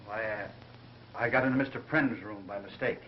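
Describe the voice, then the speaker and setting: A man's voice: fairly low pitch, normal speed, natural voice. Man playing a jittery guy begging for another day, old movie sound with light hiss. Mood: pleading. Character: nervous male debtor begging for time. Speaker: man in debt. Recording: 1930s film soundtrack, dull and hissy.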